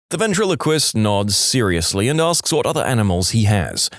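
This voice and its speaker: A man hosting a podcast, reading jokes aloud in a deadpan way. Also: medium pitch, normal speed, hardly any pauses, no room sound, studio quality. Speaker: podcast host.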